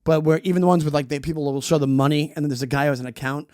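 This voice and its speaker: A man's voice: fairly high pitch, rapid-fire, darkish tone, no echo, studio quality. A man appearing as a comedian guest on a podcast, riffing playfully in casual chat.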